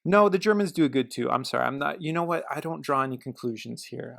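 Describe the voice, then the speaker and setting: A middle-aged man vlogging about cars in casual chat, rambling and joking, then turning quiet and reflective. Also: mid-range voice, fast talker, vocal fry. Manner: rambling, self-interrupting, joking. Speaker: car vlogger.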